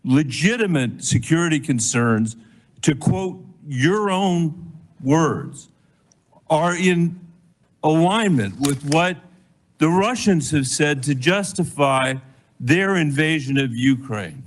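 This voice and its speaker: A senator at a hearing, pressing a nominee with insistent, pointed questions. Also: male voice, fairly high pitch, expressive, takes it slowly.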